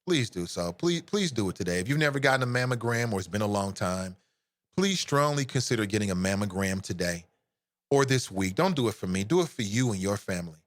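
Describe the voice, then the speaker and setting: A man hosting a live call-in radio show, chatting with listeners in an animated, joking way that turns earnest. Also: on the low side, brisk, dry recording. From United States.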